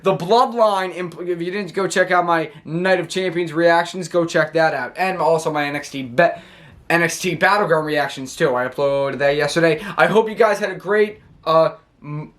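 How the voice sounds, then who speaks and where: Man, slightly high voice, casual vlog recap, rambling, stumbles on words, laughs a lot. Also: fairly bright tone. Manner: rambling, stammering, laughing often. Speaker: wrestling show reviewer.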